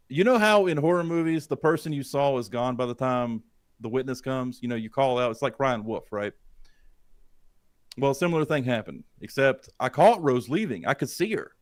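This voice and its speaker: A man's voice: mid-range voice, animated, moderate pace, no room sound, studio quality. A man co-hosting a podcast, telling a creepy first-person story with lots of swearing and questions to the listeners to build suspense. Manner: suspenseful, profane, asks the audience questions. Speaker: podcast co-host. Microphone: studio dynamic mic.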